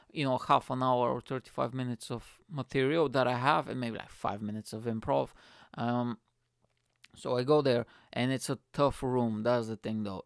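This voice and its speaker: Man, gravelly yet smooth voice, dry close sound, rambling casual storytelling, swears a lot. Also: mid-range voice, dry recording. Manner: rambling, profane, animated quotes. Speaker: stand-up comedian.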